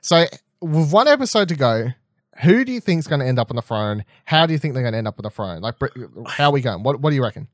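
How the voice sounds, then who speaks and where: A young man chatting casually as a podcast co-host, rambling and animated, swearing freely and restarting often. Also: mid-range voice, fast talker, no echo, clean studio sound. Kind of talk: casual chat, TV episode predictions.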